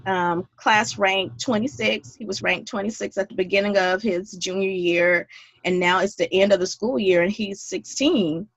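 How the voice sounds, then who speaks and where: A woman's voice: medium pitch, steady tone, normal speed, a bit bright, no echo. Woman, 30s, earnest guest storyteller, dry lo-fi recording. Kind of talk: podcast interview.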